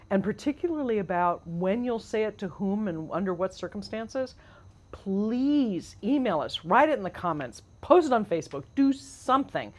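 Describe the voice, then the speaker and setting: A woman co-hosting a podcast, animated and questioning, explaining ideas like a teacher. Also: medium pitch. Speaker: podcast co-host. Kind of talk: casual conversation.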